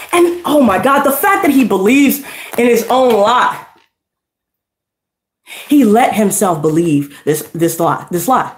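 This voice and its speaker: Blunt, profane woman ranting in an echoey room. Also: sits high. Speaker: tarot reader. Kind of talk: unscripted tarot reading rant.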